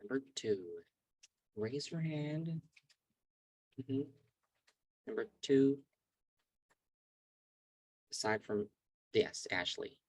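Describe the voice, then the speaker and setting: A man teaching an online English lesson on a video call, calling on students and patiently repeating words slowly to drill pronunciation. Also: mid-range voice, animated, no echo, low-quality recording.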